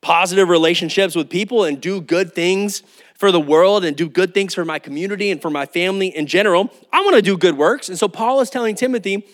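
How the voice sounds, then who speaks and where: A man preaching a sermon as pastor, telling a lively story with asides. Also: high-pitched, a little fast.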